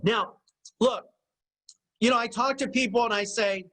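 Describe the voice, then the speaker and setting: A man's voice: very high-pitched, steady tone, unhurried, pushed and bright, rough recording. A middle-aged man giving a motivational business teaching talk, emphatic and repetitive, often checking in with his listeners. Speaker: business coach.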